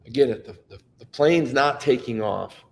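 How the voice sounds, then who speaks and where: A man's voice: mid-range voice, normal speed, gravelly, big-room sound. Earnest emotional man giving a motivational talk. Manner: earnest and emotional, with frequent repetitions and restarts. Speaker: speaker sharing personal stories.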